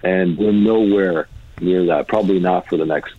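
A man's voice: low voice, normal speed. A man, a tech start-up founder and guest, explaining ideas in a casual interview, thoughtful and full of "uh" and restarts. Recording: dry, tinny phone-like line.

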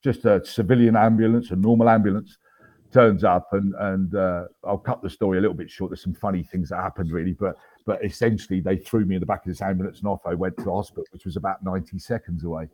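A man's voice: low voice, steady tone, fast, a little mellow, muffled recording. A man in his fifties, an army veteran guest, telling his story in a casual interview with wry humour and many ums and restarts.

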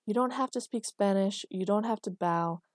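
A woman's voice: medium pitch, normal speed, no room sound, studio quality, close to an everyday voice. Marcus, a woman reading as a wry grown son.

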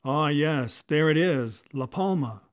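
A man's voice: a little high, expressive, takes it slowly. A man playing a skilled, confident sailor captaining a yacht, speaking in a raised, commanding voice. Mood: proud.

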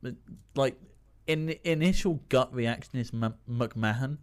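A man's voice: mid-range voice, darkish tone, smooth. A man who hosts trivia nights, chatting casually on a podcast and laughing between phrases. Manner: newsreader background, measured delivery. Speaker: trivia host.

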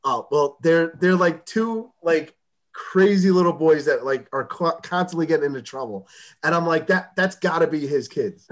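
A male podcast co-host chatting casually, with hesitant, halting restarts. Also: on the high side, expressive. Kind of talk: casual chat.

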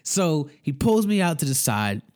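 A man telling a story in casual, profane speech, animated and acting out the other people in it. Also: a little high, normal speed. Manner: animated, swearing, acts out every voice.

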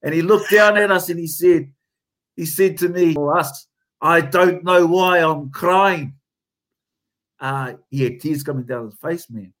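In a casual interview, a haka teacher and company founder with a Kiwi accent shares stories with animated emphasis. His pitch is a little high and his pace moderate.

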